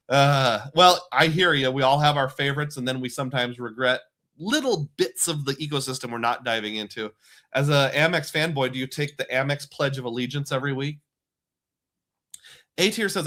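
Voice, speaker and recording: A man's voice: medium pitch, normal speed, pushed and bright. A man in his forties from southeast Iowa, hosting a live stream and chatting through viewer comments with frequent laughs. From southeast Iowa, USA. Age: 40s. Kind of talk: casual live stream chat.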